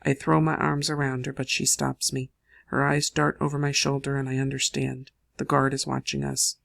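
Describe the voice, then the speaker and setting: An audiobook narrator reading a first-person novel in a measured storytelling manner. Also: male voice, mid-range voice, completely flat delivery, vocal fry, fairly bright tone.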